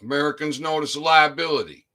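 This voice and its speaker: A man explaining his court filing to followers in a casual vlog, reading documents aloud and slowing down to stress key phrases, with frequent "all right?" check-ins. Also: fairly high pitch, bright, forceful tone.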